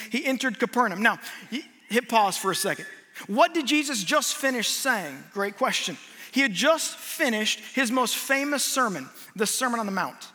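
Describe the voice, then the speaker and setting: A man preaching a lively sermon to a live audience, getting the crowd to repeat lines back to him. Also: extremely high pitch. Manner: energetic, audience call-and-response. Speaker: guest preacher. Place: large hall with audience. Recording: long hall reverb.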